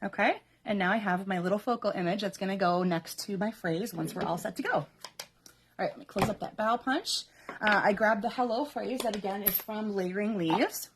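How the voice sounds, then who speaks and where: A woman's voice: medium pitch, normal speed, a little hiss or hum. A woman hosting a live card-making demonstration, chatty and instructional, laughing often as she talks viewers through each step. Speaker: papercraft host.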